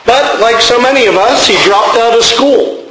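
Male preacher, high bright voice, conversational sermon, roomy echo. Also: normal speed. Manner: conversational preaching with folksy asides. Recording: roomy echoing room.

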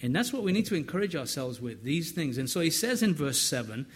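A man's voice: on the high side, very animated, a little fast, husky. A middle-aged man preaching a sermon in an earnest, conversational way, often repeating words as he builds up.

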